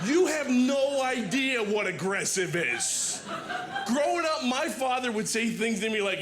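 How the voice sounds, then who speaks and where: A middle-aged man delivers stand-up with a wry, self-mocking edge and a voice that sits high. He breaks into loud shouted bursts between dry lines. The live club recording carries plenty of background noise. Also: very animated, unhurried. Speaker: stand-up comedian. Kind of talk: stand-up set. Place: comedy club stage. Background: audience laughter.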